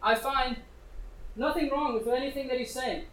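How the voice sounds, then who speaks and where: A shrugging, offhand Roman governor with a high voice, as a male preacher puts him on for a retold sermon story. He sounds echoey and a little distant, as if caught from across a room. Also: fairly even intonation, moderate pace, fairly bright tone, a little hiss or hum. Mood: dismissive. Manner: casual, shrugging.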